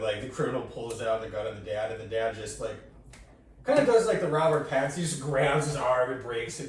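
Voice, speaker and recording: A man's voice: medium pitch, heavy reverb, recorded from a distance. A man co-hosting a comedy podcast, laughing often and riffing in casual chat. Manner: laughs a lot, does silly voices. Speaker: podcast co-host.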